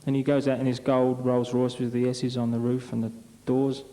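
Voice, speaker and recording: A man's voice: mid-range voice, level tone, moderate pace, dark tone, rough recording. A man on stage at an amateur revue, telling long jokes to a live audience in a rambling, chatty way. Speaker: revue comedian.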